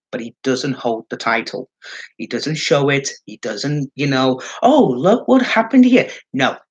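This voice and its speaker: A man's voice: mid-range voice, fairly bright tone, low-quality recording. Rambling, profane guy. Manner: rambling and profane, lots of fillers. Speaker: wrestling fan vlogger. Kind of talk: casual solo commentary.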